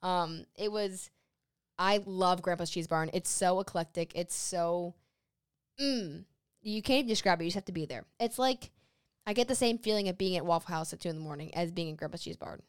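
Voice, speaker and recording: A woman co-hosting a podcast in casual chat, bubbly and chatty, quick to joke. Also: lowish voice, clean tone, no room sound, studio quality. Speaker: podcast co-host.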